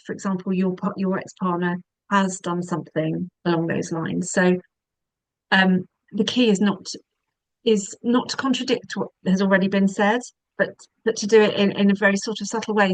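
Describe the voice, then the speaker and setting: Calm low-voiced woman giving advice. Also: no room sound, poor audio. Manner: calm, measured, with frequent ums. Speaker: divorce and separation specialist. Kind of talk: webinar advice talk.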